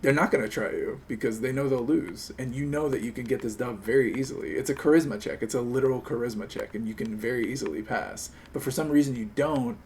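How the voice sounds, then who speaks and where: A male streamer chatting live and talking his friend into a plan, animated and persuasive, with plenty of swearing. His voice sits at an ordinary pitch for a man. A faint hiss runs under the recording. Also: quick pace, hardly any pauses. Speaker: streamer host. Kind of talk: casual chat on a live stream.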